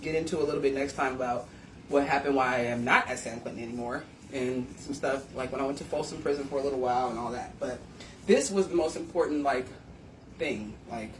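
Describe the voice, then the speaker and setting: A woman hosting a live stream, telling stories in a blunt, profane, animated way. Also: very deep voice, a little fast, slight background noise. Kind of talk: casual live-stream storytelling. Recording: echoey room, distant from mic.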